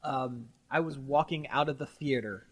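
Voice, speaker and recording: A man hosting a casual podcast chat, animated and often stumbling and repeating his words. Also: mid-range voice, moderate pace, slightly rough. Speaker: podcast host.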